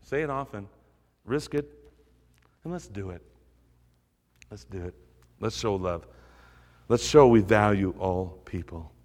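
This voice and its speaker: A man's voice: on the low side, unhurried, long pauses, darkish tone, in a large hall. A male pastor preaching a sermon, earnest and urging, repeating phrases for emphasis.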